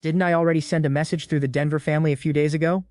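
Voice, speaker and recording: A man's voice: on the high side, steady tone, very fast, a little mellow, no room sound, clean studio sound, close to an everyday voice. Een man die voorleest als een kille jonge edelman. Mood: cool, dismissive. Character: cold, proud young noble man.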